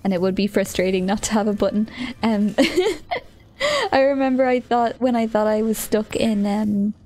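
A woman's voice: mid-range voice, sing-song, normal speed, darkish tone. A woman streamer chatting casually as she plays, thinking aloud, easily startled and often giggling.

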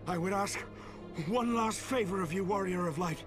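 Guy playing a grim stoic dragoon knight in a game, formal and solemn, game music loud behind, high voice. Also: normal speed, lightly acted.

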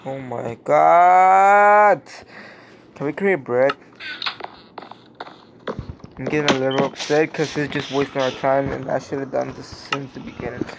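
A gamer giving casual gameplay commentary, excitable and slangy, often repeating words in frantic bursts. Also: medium pitch, moderate pace, vocal fry, pauses often, background noise. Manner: slangy, says yo and bro a lot.

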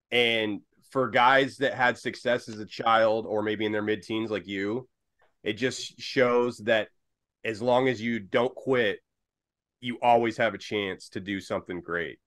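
A man's voice: on the low side, fairly even intonation, measured pace, fairly bright tone. A man co-hosting a podcast interview, chatting casually and with enthusiasm, calling his guest dude and man. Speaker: podcast co-host.

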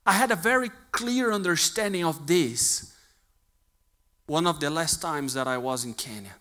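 A man preaching a sermon in English, moving between loud, passionate calls and quiet, hushed stretches. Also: a little high, normal speed. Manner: swings from shouting passion to hushed near-whisper.

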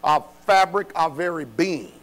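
High-voiced preacher man with a hum. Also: unhurried, fairly bright tone. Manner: preaching cadence, rhetorical questions, emphatic; informal speech with dropped verbs. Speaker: preacher leading a Bible study. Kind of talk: Bible study teaching.

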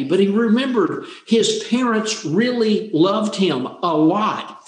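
Man, earnest storyteller, repeats words for emphasis, fairly high voice, echoey room. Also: lively intonation, moderate pace, hardly any pauses. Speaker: speaker on happiness. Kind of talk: storytelling talk. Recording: roomy echo.

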